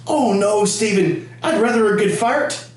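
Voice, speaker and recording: A man voicing an elderly, devout Irish grandmother with a high, lilting Northern Irish voice mixed with a Canadian tinge. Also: a little slow, darkish tone, natural voice. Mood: innocent, tickled. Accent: Northern Irish with Canadian mix. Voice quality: high, lilting, Scottish-sounding. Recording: roomy, distant camera-mic audio.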